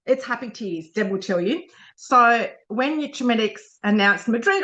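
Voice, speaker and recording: A middle-aged Australian woman, a sales director, gives an informal motivational talk, chatty and emotional, laughing often and repeating and correcting herself. Her voice is a little high, expressive, and a bit bright at a moderate pace. The recording is rough.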